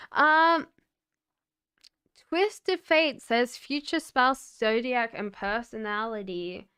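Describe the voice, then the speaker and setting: Casting note: young Australian woman, tarot reader on a live stream, chatty and upbeat, unhurried delivery, slightly high voice. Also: a bit bright, smooth. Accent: Australian, softened by years in Britain. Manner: chatty and upbeat, laughs often, talks straight to viewers by name.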